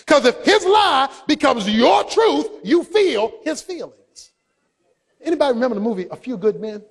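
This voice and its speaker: A man preaching a sermon, swinging between loud shouted passages and quiet, low asides. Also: big pitch swings, moderate pace, breathy edge. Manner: preaching, rising to shouts then dropping low. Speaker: pastor. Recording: long hall reverb.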